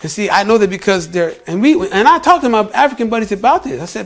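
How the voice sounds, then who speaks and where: A man's voice: high-pitched, animated, fast talker, hardly any pauses. An American man in a casual vlog, talking emphatically to the listener, often repeating himself and calling them "bro". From United States. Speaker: vlogger. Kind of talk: casual opinion talk to camera.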